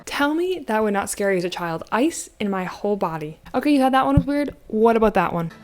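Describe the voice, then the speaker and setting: A woman in her thirties giving a casual, animated movie recap, sarcastic and full of slang. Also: medium pitch, a little fast, soft background music. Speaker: YouTube commentator.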